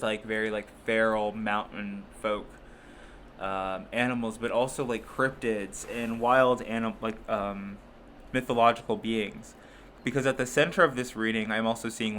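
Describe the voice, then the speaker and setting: A man's voice: lowish voice, fairly bright tone, slight background noise. A man giving a casual tarot reading, chatty and rambling, with many fillers and frequent laughs. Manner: playful put-on voices for zodiac signs. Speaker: tarot reader.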